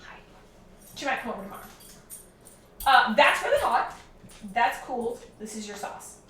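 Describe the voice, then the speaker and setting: A woman's voice: fairly high pitch, very animated, moderate pace, fairly bright tone. A woman in her thirties chatting casually with her stream while cooking at home, rambling and swearing freely. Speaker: live streamer and mother. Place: home kitchen. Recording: echoey room.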